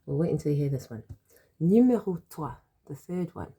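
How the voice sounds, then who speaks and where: A woman with a sore throat, teaching French by patiently explaining silly jokes and repeating each word slowly. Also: low voice, big pitch swings, warm tone, breathy edge.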